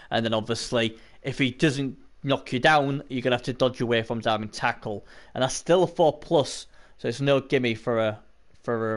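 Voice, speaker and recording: A man's voice: medium pitch, fairly bright tone. A man giving casual live-stream commentary on a tabletop sports video game, rambling and chatting to viewers between points.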